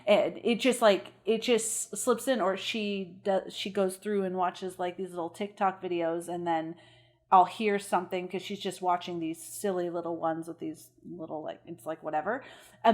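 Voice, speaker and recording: A woman's voice: lowish voice, steady tone, normal speed. Chatty woman podcast co-host, laughing often. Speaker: mother. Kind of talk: casual chat.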